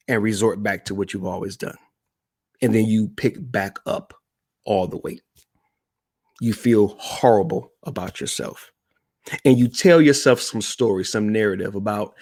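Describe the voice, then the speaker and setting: A man's voice: medium pitch, measured pace, pauses often, darkish tone. A man speaking as a motivational speaker on a live-stream broadcast, emphatic and repeating key phrases while addressing the audience directly.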